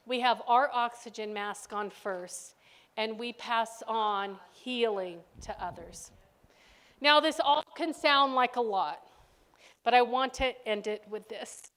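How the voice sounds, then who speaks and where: High, smooth older woman telling a story. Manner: animated storytelling, swings from soft to loud. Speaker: speaker. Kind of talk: faith talk with a personal story.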